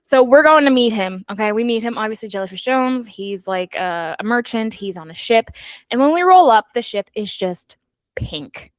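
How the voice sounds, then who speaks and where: A woman's voice: fairly high pitch, moderate pace, no room sound. A woman co-hosting a book club podcast, recapping a novel in casual chat and acting out the characters' lines. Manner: animated recap that acts out characters' quotes.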